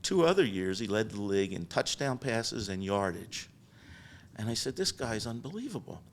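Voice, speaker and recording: Older male guest, chatty storyteller, mid-pitched, animated and rambling, podcast interview. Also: normal speed. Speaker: guest business founder. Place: podcast studio.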